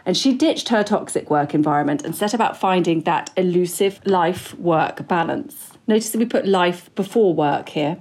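A woman's voice: lowish voice, expressive, moderate pace, few pauses, darkish tone. Casting: woman in her forties, podcast co-host, rambling self-mocking chatter. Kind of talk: casual chat.

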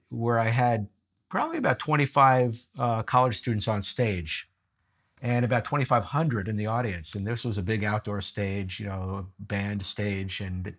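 A middle-aged man who coaches leaders tells stories in conversation with lively energy and laughs at his own jokes. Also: on the low side. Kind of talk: storytelling conversation.

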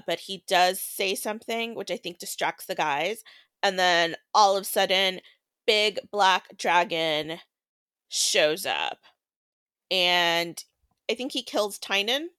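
A woman's voice: medium pitch, fairly bright tone, clear, resonant tone, no echo, studio quality. A woman co-hosting a casual book podcast, retelling the plot in a chatty way with lots of fillers. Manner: chatty, filler-heavy, quick plot recap. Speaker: podcast co-host.

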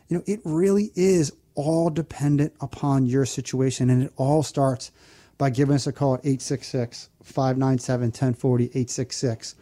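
A man hosting a financial advice radio show, explaining things earnestly and slowly spelling out a phone number. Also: mid-range voice, fairly even intonation, mellow.

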